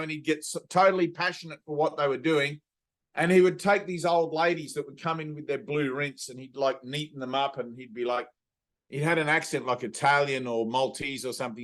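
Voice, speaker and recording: An Australian man leading a spiritual satsang over a video call, talking earnestly and intimately and slowing right down to stress a point. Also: on the high side, a bit bright. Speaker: spiritual teacher. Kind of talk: satsang teaching talk.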